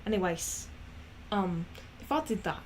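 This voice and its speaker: A woman's voice: on the low side, expressive, unhurried, slight background noise. A woman voicing a chatty customer with a put-on Scottish accent who rambles while hunting for the name of a dish. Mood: rambling.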